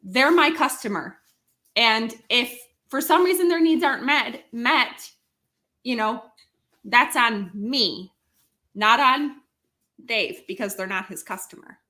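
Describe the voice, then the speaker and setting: Woman w a bright kinda sharp voice explaining office stuff on a casual stream. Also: a little high, animated, takes it slowly. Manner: explanatory, talks with her own examples. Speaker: co-host handling office and numbers. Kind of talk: casual live stream chat.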